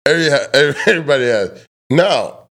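Podcast host, man, loud and profane, swoops all over his pitch, casual banter. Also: big pitch swings, quick pace. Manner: loud, joking, swears freely, teases his guest. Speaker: truck driver.

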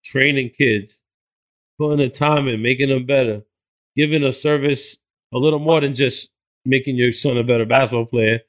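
A man from New Jersey, a hip hop artist guest on a podcast, speaks earnestly about positive thinking. He swears casually while staying motivational. His voice sits at an ordinary male pitch. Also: fairly even intonation, normal speed. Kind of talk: casual interview chat.

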